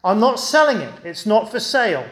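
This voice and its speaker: Man as a firm, defiant landowner, high voice, echoey church. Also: moderate pace. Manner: flat refusal, emphatic. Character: stubborn vineyard owner, grown man, firm.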